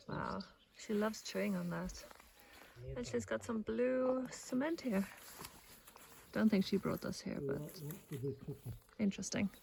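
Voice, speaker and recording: A vlogger with a gravelly, medium-pitched, slightly mellow voice chats casually as she shows her camera around her garden. She's outdoors at a rural house and baby-talks to her pets.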